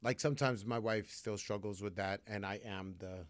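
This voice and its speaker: A man's voice: lowish voice, normal speed, no room sound. Blunt, profane male podcast host. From New Jersey. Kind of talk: candid recovery podcast talk.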